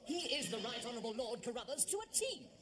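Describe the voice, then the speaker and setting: An actor playing a fussy amateur theatre director who gushes and stammers. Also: male voice, very high voice, big pitch swings, fast. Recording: noisy old TV soundtrack.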